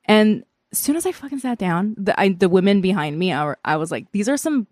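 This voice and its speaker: A woman's voice: medium pitch, lively intonation, brisk, a little mellow, dry recording. Woman guest comic, loose profane storyteller, laughs a lot, close dry sound. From Korea. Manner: profane, rambling, laughs often. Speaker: guest comedian. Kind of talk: casual podcast chat.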